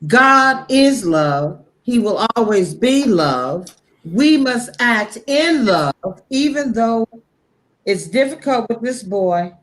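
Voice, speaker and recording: A woman's voice: fairly high pitch, big pitch swings. A woman speaking about faith on a talk show in a heartfelt, preachy way, salted with blunt profanity. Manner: impassioned, preachy, frank with profanity; slow, deliberate delivery.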